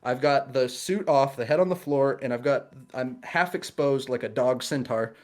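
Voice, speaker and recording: A man's voice: medium pitch, normal speed, darkish tone. A man, a guest cosplayer on a livestream, telling a casual story with laughs and quoted voices over a video call.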